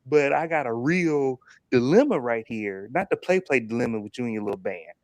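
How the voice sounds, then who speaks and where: A man co-hosting a casual TV review discussion, animated and repeating himself as he makes his point. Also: mid-range voice, a little fast, dry recording. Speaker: podcast co-host.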